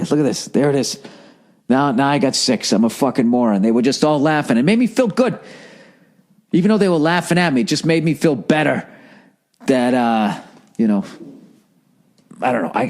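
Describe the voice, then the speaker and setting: A man in his forties from the United States talks through a casual podcast monologue at a middle pitch. He rambles, swears freely and pokes fun at himself, restarting sentences as he goes. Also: a little mellow. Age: 40s. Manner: rambling and profane, self-mocking, with frequent restarts. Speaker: podcast host and comedian.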